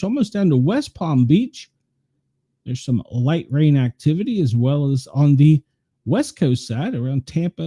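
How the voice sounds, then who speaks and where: A show host with a Tennessee Southern accent rambles through live weather radar, thinking aloud while clicking around and poking fun at himself in casual chat. His voice is on the high side with a dark tone, captured in clean studio sound without room sound.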